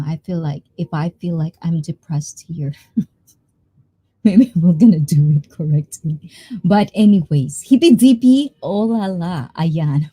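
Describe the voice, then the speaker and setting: A Filipino woman hosting a casual livestream chat, bubbly and quick to laugh between lines. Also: deep voice, warm tone, breathy edge. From Philippines. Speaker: livestream host.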